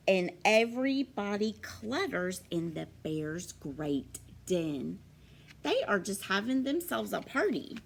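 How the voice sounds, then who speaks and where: A woman teacher reading a picture book aloud to children in an animated, expressive way. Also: medium pitch, vocal fry. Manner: animated, expressive, slow and deliberate.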